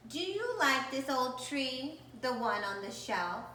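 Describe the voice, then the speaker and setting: A woman voicing a kind, lonely old woman in a storybook, speaking softly and warmly to a stray cat, in an echoey room away from the mic. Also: high-pitched, sing-song, takes it slowly, far from the mic, slight background noise, full character voice. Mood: fond. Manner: soft, soothing storybook reading.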